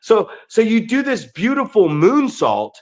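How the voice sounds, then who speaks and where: Animated, swearing male podcast host. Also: high voice, measured pace. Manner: profane, animated storytelling. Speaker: podcast host and wrestling coach. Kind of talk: casual podcast chat.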